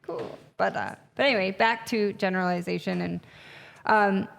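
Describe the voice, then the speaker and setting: A woman guest in a conversational interview, telling stories in an animated way with lots of fillers. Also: medium pitch, moderate pace, gravelly. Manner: animated storyteller, many fillers. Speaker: podcast guest, retreat facilitator. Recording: long reverb, echoey room.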